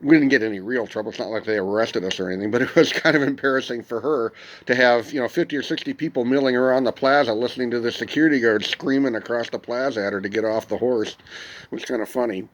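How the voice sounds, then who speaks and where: A middle-aged man hosting a podcast, telling a personal story in a casual, meandering way with frequent pauses. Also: mid-range voice, highs cut off. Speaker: podcast host.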